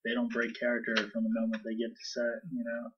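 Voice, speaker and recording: A man co-hosts a casual podcast, talking easily with a slightly husky voice. He sits a little away from the microphone. The sound is dull and lo-fi. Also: medium pitch, fast. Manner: chatty, animated, breaks into goofy voices. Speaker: podcast co-host. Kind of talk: casual chat. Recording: distant, dull lo-fi mic.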